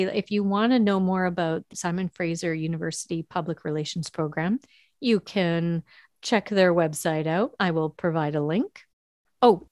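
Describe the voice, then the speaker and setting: Female podcast host, casual and reflective, lower pitch. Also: no echo, studio quality. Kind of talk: casual chat.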